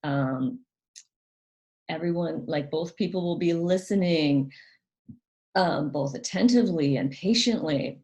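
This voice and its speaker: A woman hosting her own channel, explaining things gently in a casual monologue, often hesitating with ums and restarting her sentences. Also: sits low, unhurried, long pauses. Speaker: channel host.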